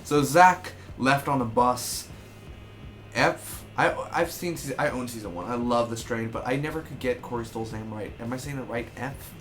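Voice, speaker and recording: A young man in his twenties casually recapping a TV episode, rambling and excitable, swearing freely. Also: medium pitch, normal speed, soft background music. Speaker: TV episode reviewer.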